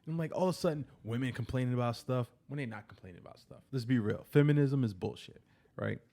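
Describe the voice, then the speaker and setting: A man's voice: mid-range voice, quick pace, vocal fry, mellow. A man co-hosting a casual podcast who rants bluntly, laughing and swearing. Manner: blunt, laughing, profane ranting. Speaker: podcast co-host.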